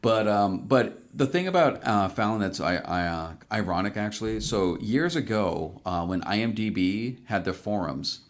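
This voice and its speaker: A man with a fairly low voice co-hosts a casual podcast. He rambles through his stories in a loose way, with plenty of fillers along the way. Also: lively intonation, moderate pace, hardly any pauses. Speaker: podcast co-host. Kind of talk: casual chat.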